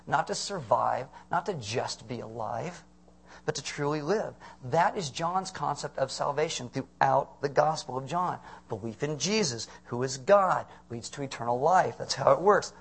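A man's voice: mid-range voice, creaky, slightly rough. A middle-aged man preaching a conversational sermon as pastor, asking the congregation questions.

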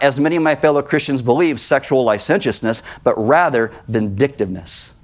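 A man, a pastor, preaching a sermon in a conversational way and acting out quotes as he goes. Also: medium pitch.

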